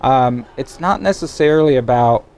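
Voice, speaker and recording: A man's voice: medium pitch, animated, moderate pace, vocal fry, darkish tone, a little hiss or hum. A young man from Bulgaria, an actor, chatting easily as an interview guest with lots of fillers. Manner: easygoing, friendly, many fillers. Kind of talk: casual interview chat.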